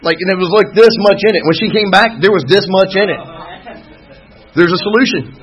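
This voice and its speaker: Speaking briskly in a high register, this man rambles through a candid account of his recovery at a meeting, with touches of wry humor. The testimony comes through on a muffled, lo-fi recording.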